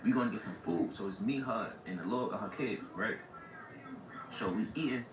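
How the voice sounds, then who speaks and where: Man livestreaming a story, slangy and animated, set back from a muffled mic in an echoey room with noise and a TV behind. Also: lowish voice, fairly quick, far from the mic. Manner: animated street slang, repeats "like" and "right?". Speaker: livestream host telling a story. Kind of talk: casual storytelling.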